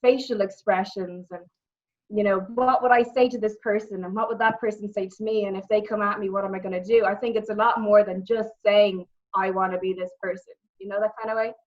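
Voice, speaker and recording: Irish woman from dublin chatting, mid pitch, animated, bit muffled audio. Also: brisk. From Ireland. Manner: animated storytelling, repeats words, acts out quotes. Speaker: interview guest, former wrestler and actress. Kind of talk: casual interview chat.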